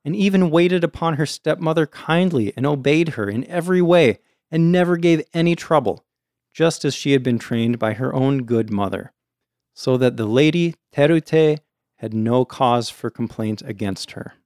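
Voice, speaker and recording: A man's voice: on the high side, moderate pace, a little mellow, dry recording, clean studio sound. A man hosting a casual show, reading a folktale aloud and breaking off for chatty asides to his co-host. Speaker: storyteller host.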